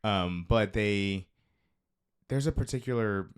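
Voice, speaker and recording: A man's voice: on the low side, slow, clear, resonant tone. A man co-hosting a live stream in casual chat, teasing his co-host and swearing freely. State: feeling hot.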